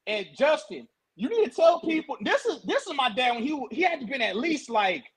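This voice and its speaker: A young man telling a story in casual talk, animated, stuttering and repeating words. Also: very high-pitched, a little fast, husky, low-quality recording.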